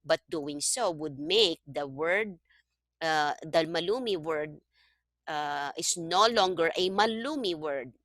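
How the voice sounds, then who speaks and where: A woman's voice: sits low, expressive, slow, fairly bright tone, dry recording, clean studio sound. A woman tutoring Tagalog one-on-one over a video call, patiently checking that her student follows. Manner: patient, checks understanding with frequent "okay?". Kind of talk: one-on-one online language lesson.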